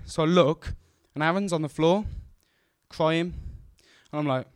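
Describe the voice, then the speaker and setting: A young man telling a childhood story on stage, lively and acting out the voices of the people in it. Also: a little high, moderate pace, clear, resonant tone, no room sound, studio quality. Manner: animated, acts out the voices of people in his story.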